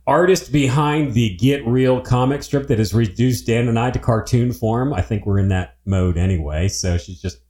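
A man's voice: medium pitch, normal speed, few pauses, a little mellow. An easygoing man hosts a podcast, chatting and then reading out plugs. His voice sits mid-range and rings in an echoey room. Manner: easygoing, wraps up with promos. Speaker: podcast host. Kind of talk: casual podcast interview.

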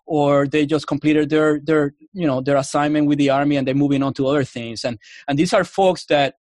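A man's voice: fairly high pitch, fairly even intonation, a little fast, a little mellow, dry recording. A man with a Canadian accent, a guest in a casual interview, talking earnestly and restarting his words often. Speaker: guest, army officer.

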